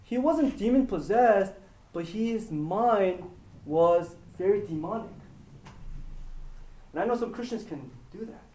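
A man with a high-pitched voice leads an informal Bible study, telling the story with lively acted-out lines that swing from quiet asides to loud exclamations. The recording sounds dull and lo-fi. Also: measured pace, long pauses. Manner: animated storytelling, acting out quotes with shifting loudness. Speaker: pastor. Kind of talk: casual Bible teaching to a small group.

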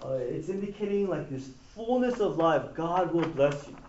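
Guy preaching, pretty high voice, mellow tone, keeps quizzing the crowd. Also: moderate pace, dull audio, a little hiss or hum. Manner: animated, asks the audience questions. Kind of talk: sermon.

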